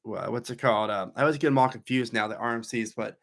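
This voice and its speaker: A fast-talking coaster YouTuber in his thirties, with a mid-range, slightly bright voice and vocal fry, casually reads out questions from live stream viewers. His answers ramble in a talkative, easygoing way.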